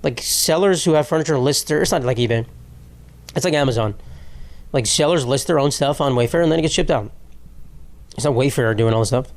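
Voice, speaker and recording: A young man with a slightly high voice talks on his own comedy podcast. He rambles from thought to thought, sarcastic and loose, with plenty of swearing. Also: a little fast, clear, resonant tone. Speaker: podcast host. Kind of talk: solo comedy podcast monologue.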